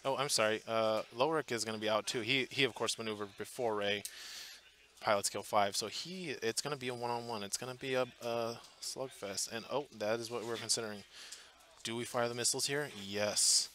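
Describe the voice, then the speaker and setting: A man's voice: medium pitch, brisk, sharp tone, slight background noise. A man commentating live on a tabletop tournament match, chatty and thinking aloud with fillers and restarts, from a booth at the event. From Portland area, US.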